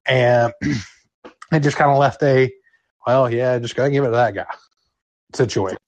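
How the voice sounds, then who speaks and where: A man's voice: mid-range voice, unhurried, dry recording. Man, podcast co-host, casual chat, enthusiastic, dry close sound. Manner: enthusiastic, talkative, acts out quotes.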